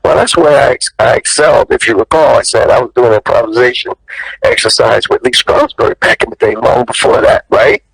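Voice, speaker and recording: A male actor telling stories as an interview guest, lively and profane, jumping up in pitch when he quotes people. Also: brisk, gravelly, husky, no room sound, poor audio. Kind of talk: animated storytelling in an interview.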